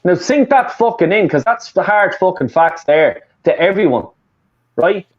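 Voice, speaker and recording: An Irish man from Dublin rants with casual heat, swearing constantly. His voice sits a little high. The recording is muffled and lo-fi. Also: sing-song, moderate pace. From Ireland, Dublin. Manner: sweary, heated ranting. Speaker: fan podcast co-host. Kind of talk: casual chat. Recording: muffled lo-fi audio.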